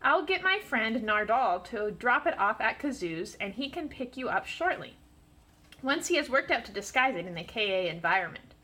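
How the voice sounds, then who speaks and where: A woman's voice: on the high side, big pitch swings, moderate pace, bright, forceful tone, heavily acted. A woman voicing a wry, eccentric gray-haired male time-traveller in a storybook, full of playful asides.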